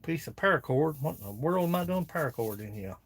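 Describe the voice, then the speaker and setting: Folksy man, middle-high voice, casual shop-talk vlogger; faint noise in the background. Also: expressive, a little fast. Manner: folksy, joking, talks to viewers and objects. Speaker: woodworking vlogger. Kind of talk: casual chat while tidying a workshop. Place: cluttered home workshop.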